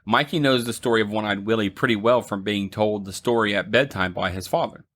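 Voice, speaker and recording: A young man with a low voice walks through a movie's plot on a casual review podcast. He talks loosely, with plenty of ums, and slips in short laughs as he recaps scenes. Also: a bit bright. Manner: retells the plot with many ums, laughs and quick mock voices. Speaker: podcast co-host.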